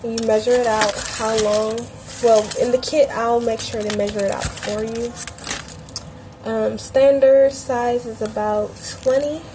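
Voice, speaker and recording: A woman's voice: fairly high pitch, steady tone, unhurried, background noise. Chatty woman hosting a craft livestream. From Cleveland, grew up in Atlanta. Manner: chatty, loose and talks straight to viewers. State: a bit hoarse, feels she is losing her voice. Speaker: jewelry maker hosting a livestream tutorial. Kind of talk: casual livestream tutorial.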